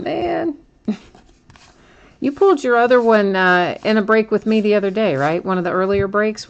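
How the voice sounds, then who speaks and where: Low-voiced woman chatting through card breaks. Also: muffled recording. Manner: chatty, thinks aloud, frequent laughs. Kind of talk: live card break chat.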